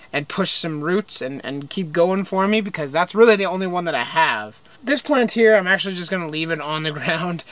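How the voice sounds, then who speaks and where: A man's voice: on the high side, a bit bright, smooth. A young man casually touring his home greenhouse, chatting with enthusiasm and frequent fillers. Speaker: greenhouse vlogger. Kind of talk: casual plant tour.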